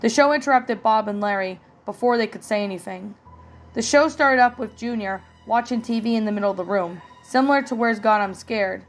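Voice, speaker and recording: A woman's voice: fairly high pitch, a little fast. A woman narrating a horror story in a plain, earnest reading style. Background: faint music.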